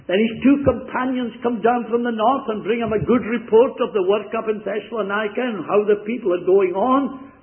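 A man's voice: high-pitched, brisk, hardly any pauses. A man with a Scottish accent preaching a sermon, telling stories in an earnest, conversational way and speaking directly to his listeners. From Scotland, near Hamilton. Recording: tinny lo-fi phone-like recording.

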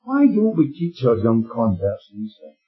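Speaking a little slowly in a medium-pitched voice with huge pitch swings, a man preaches an emphatic sermon. He asks his listeners questions to check in with them, and the lo-fi recording sounds dull, with faint music.

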